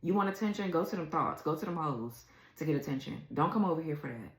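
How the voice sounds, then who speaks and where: A woman's voice: low-pitched, lively intonation, quick pace, roomy sound, poor audio. A woman doing a casual tarot reading, blunt and exasperated, swearing freely as she reads the cards. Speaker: tarot reader.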